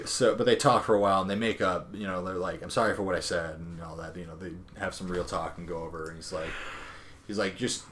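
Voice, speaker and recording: A low-pitched man chatting loosely about a comic book's plot, leaning on fillers and acting out bits of dialogue as he goes. A faint hiss sits under his voice. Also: steady tone, fairly quick, a bit bright. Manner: rambling, filler-heavy retelling with quoted dialogue. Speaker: podcast co-host recapping a comic. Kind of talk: casual chat.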